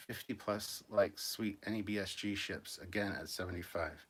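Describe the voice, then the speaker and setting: A man hosting a casual livestream show-and-tell from a room at home, talking in a relaxed, rambling, self-deprecating way. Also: sits low, moderate pace. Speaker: channel host. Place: upstairs room at home filled with collectibles.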